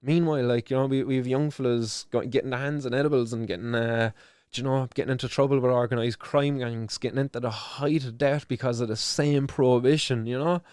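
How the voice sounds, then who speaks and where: A man's voice: mid-range voice, fairly even intonation, fairly quick, a little mellow, smooth, no room sound, studio quality. A young Irish man hosting a live stream, talking with passion and swearing, with many restarts. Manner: impassioned, swearing, many restarts and "do you know". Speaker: stream host. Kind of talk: emotional live-stream commentary.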